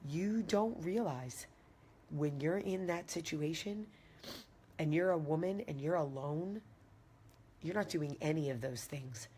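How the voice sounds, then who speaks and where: A woman's voice: low-pitched, a little slow, long pauses, mellow, slight background noise. A woman vlogger in her thirties telling a personal story to her viewers, acting out what each person said. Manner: dramatic retelling with acted-out quotes, direct address to viewers. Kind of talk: animated storytelling to camera.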